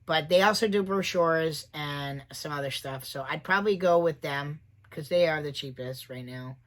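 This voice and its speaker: Chatting casually on his livestream, a trans man in his forties jumps between thoughts and keeps laughing at his own jokes. He talks at a normal speed in a slightly high, fairly bright voice.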